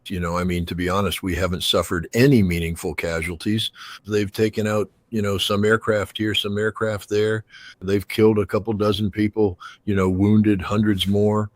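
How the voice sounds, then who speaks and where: A blunt older man speaks in a very low, deep voice. He gives pointed commentary with many "you know" fillers, and the recording sounds close and dry. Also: little pitch movement, normal speed, dry recording. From United States. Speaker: guest commentator. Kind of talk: opinionated geopolitical analysis.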